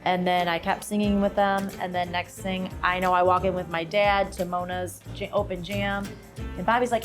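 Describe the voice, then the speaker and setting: A woman from Toledo, Ohio, talking as a podcast guest, telling stories with lively acted-out quotes. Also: lowish voice, moderate pace, faint music behind. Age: adult, sings since her mid-twenties. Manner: animated storyteller, acts out quoted voices. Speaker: podcast guest, singer and lawyer. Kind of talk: casual interview chat.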